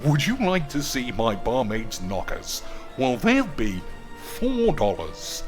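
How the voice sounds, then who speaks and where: A man's voice: medium pitch, very animated, takes it slowly, faint music behind. A man putting on a crude, flirty barmaid voice as a joke. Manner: lewd, mock-sultry.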